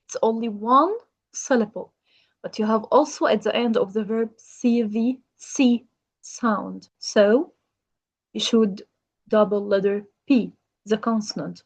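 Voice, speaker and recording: Slow, patient woman teaching English grammar. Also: mid-range voice, low-quality recording. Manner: slow, patient, asks the learner questions. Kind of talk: grammar lesson.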